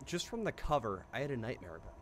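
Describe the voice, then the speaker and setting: A man's voice: medium pitch, very animated, quick pace, fairly bright tone, a little hiss or hum. Jumpy young man screaming through horror game. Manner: jumpy, screams at scares, self-mocking jokes. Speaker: gaming YouTuber. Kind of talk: horror gameplay commentary. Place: home bedroom.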